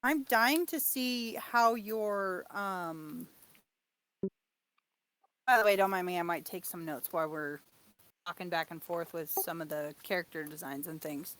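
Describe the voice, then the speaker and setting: A woman's voice: lowish voice, measured pace, a bit bright, slight background noise. A woman in her thirties chatting casually and rambling about characters, laughing at herself often. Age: 30s. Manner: giggly, self-deprecating, rambling.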